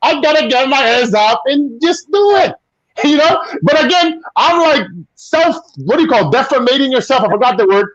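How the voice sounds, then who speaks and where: Brazilian-accented man, casual guest, animated storyteller, high bouncy voice, dry slightly dull sound. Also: moderate pace, no echo. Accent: Brazilian Portuguese. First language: Portuguese. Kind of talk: casual chat on a video call.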